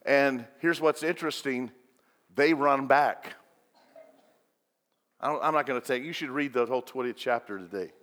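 A man preaching a sermon as pastor, swinging between loud and hushed delivery. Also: medium pitch, moderate pace, pauses often. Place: church sanctuary. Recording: long reverb of a large hall.

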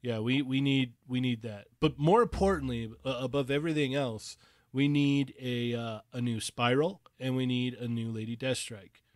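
A man's voice: medium pitch, no echo. Joking man co-host, dry sound. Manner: quick, joking interjections. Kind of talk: casual chat.

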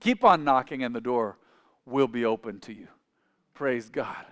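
A pastor preaching a sermon with emphatic, repeated lines. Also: male voice, medium pitch, lively intonation, measured pace, fairly bright tone. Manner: preaching with rising, emphatic repetition.

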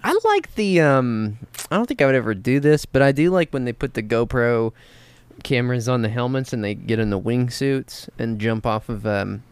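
A speaker with a smooth, clear voice that moves freely up and down, chatting casually and tossing in dry, wry remarks. The sound is close and dry, with no room echo. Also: mid-range voice, lively intonation, normal speed. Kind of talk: casual chat.

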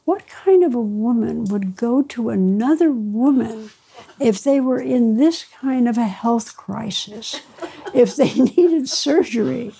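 A man's voice: extremely high pitch, lively intonation, slow, vocal fry, dark tone, a little hiss or hum, full character voice, rough recording. A woman quoting an older male department head who lectures her in an incredulous tone.

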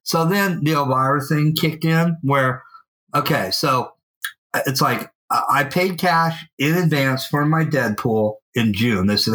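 A man co-hosting a podcast, telling a long story in a casual, animated way and swearing freely. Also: medium pitch, a little slow, poor audio. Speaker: podcast co-host. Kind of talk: casual chat. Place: at home.

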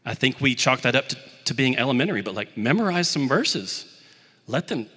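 A man's voice: medium pitch, sing-song, brisk, bright, forceful tone, slightly rough, long reverb tail. A young man from the Birmingham, Alabama area preaching a sermon in a conversational, self-deprecating way.

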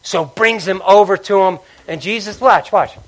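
A man preaching a sermon, telling stories with animated swings between loud outbursts and quiet passages. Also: high-pitched, moderate pace. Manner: animated storytelling, acting out characters with loud outbursts and quiet drops.

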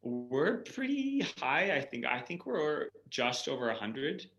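Man, podcast guest, relaxed, repeats words, bright tone, roomy echo. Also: a little high, slow pace, muffled recording, soft background music. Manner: easygoing, repeats words, trails off quietly. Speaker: guest, coffee roaster. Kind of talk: casual podcast interview.

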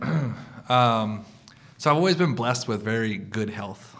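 A man's voice: fairly low pitch, expressive, measured pace, vocal fry, fairly bright tone. A man telling a self-deprecating personal story on stage, hesitant with "um" and "like". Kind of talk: live storytelling.

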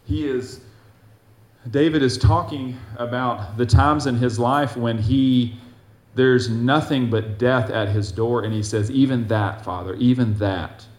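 A man preaching a sermon, reading scripture aloud with force and dropping to soft, gentle asides. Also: mid-range voice, takes it slowly, roomy sound.

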